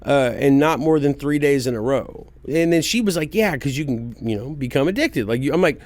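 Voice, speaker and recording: A man's voice: mid-range voice, lively intonation, fairly quick, no room sound. A man co-hosting a podcast, laid-back and profane, joking in casual banter. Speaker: podcast co-host. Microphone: studio podcast mic.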